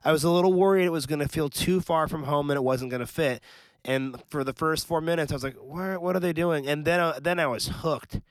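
A man co-hosting a podcast, chatting eagerly about a series in quick, animated bursts. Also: fairly high pitch, dry recording. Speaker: podcast co-host. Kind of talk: casual chat.

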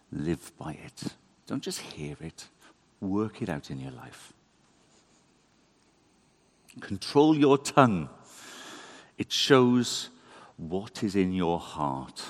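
A man giving a conversational, animated sermon in a church. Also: sits low. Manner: conversational, animated, self-deprecating. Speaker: preacher.

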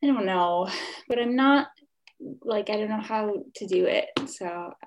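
A woman's voice: medium pitch, unhurried, dull audio. A young woman, a podcast guest, talking casually and hesitantly, often trailing off. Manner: hesitant, trailing off, many fillers. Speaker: guest, illustrator. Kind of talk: casual chat.

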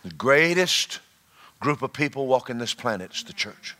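Bright-voiced preacher, folksy and forceful. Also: male voice, mid-range voice, sing-song, moderate pace. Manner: folksy and joking, shifting between loud exhortation and quiet storytelling. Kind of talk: sermon.

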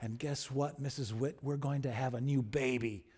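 A preacher voicing an excited little boy. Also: mid-range voice, moderate pace, slightly rough, natural voice. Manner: eager, breathless telling. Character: excited four-year-old boy in a joke.

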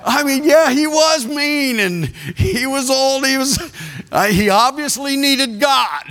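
A man's voice: very high-pitched, sing-song, slow pace, bright, forceful tone. A man preaching a sermon as a pastor, telling a story with laughter and acting out the people in it.

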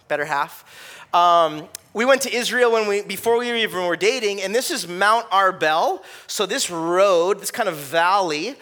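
A man's voice: high-pitched, a bit bright. A young adult man preaching a sermon in a casual, conversational way, with lots of fillers. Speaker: pastor.

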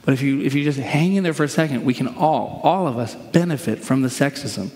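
A man's voice: medium pitch, fairly quick, darkish tone, in a large hall. A man preaching a sermon in a conversational way, acting out quotes as he explains scripture. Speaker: pastor.

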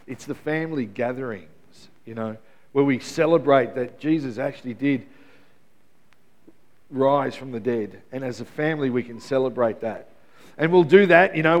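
A pastor in middle age delivers an Easter sermon. He keeps it conversational and throws questions out to the congregation. His voice sits at an ordinary pitch for a man. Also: a little mellow.

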